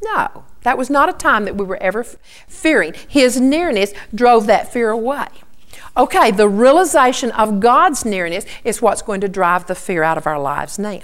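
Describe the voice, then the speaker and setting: A middle-aged woman preaching in a somewhat high voice. She teaches earnestly and steadily, walking her listeners through scripture passage by passage. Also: animated, moderate pace. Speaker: Bible teacher. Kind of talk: sermon.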